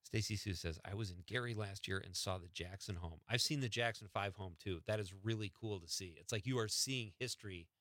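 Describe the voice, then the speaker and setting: A man's voice: lowish voice, fairly quick, hardly any pauses, bright, forceful tone, dry recording. A man hosting a radio show from the studio, chatting casually and teasing his co-host. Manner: joking, teasing.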